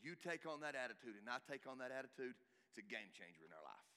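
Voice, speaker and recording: A middle-aged male pastor, preaching a sermon emphatically, swinging from loud exhortation to hushed asides. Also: mid-range voice, very animated, fast talker. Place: church hall. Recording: reverberant church hall.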